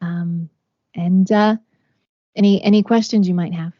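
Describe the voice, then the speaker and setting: Low, flat-voiced woman from Texas. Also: unhurried, dry recording, dull audio. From Texas, USA. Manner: earnest, many fillers and restarts. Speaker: interview guest, organization founder. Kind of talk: conversational interview.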